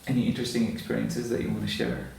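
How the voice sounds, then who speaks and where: A man interviewing a guest in his studio, asking quick questions casually. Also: on the low side, little pitch movement, gravelly, a little mellow, distant mic, a little hiss or hum. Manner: quick, brief replies and questions. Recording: very echoey, from the mic.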